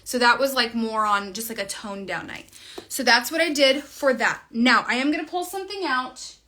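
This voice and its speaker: Bright-voiced woman chatting through makeup. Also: a little high, normal speed. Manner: chatty, rambling, trails off mid-sentence. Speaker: makeup vlogger. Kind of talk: casual makeup tutorial.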